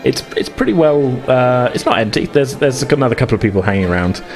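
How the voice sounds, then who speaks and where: A man running a tabletop game as game master, relaxed and chuckling, with lots of fillers. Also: mid-range voice, fast, faint music behind.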